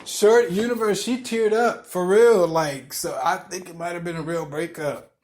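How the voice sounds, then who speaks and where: A man's voice: sits high, steady tone, normal speed, a little mellow. A young man telling a rambling, profane story in casual chat, laughing through it as a podcast host.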